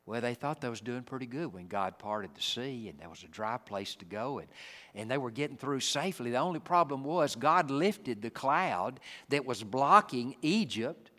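A man preaching a sermon. He acts out the people in the story and swings between booming lines and hushed ones. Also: animated, normal speed, in a large hall. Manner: dramatic, acts out the Bible figures, swings from loud to hushed.

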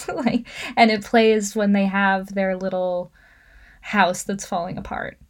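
A woman co-hosting a casual podcast about film, speaking in an unhurried way. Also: mid-range voice, steady tone. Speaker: podcast co-host.

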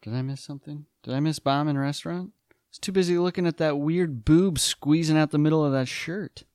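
A man's voice: a little high, fairly quick, darkish tone, no echo, clean studio sound. A man riffing on a movie with sarcastic, wisecracking asides. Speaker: movie riffer. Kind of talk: riffing commentary over a movie.

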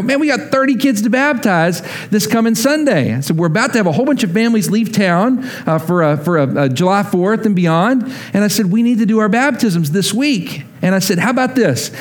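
Male pastor with a high voice, lively sermon storyteller who plays out each conversation. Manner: animated storyteller, acts out dialogue.

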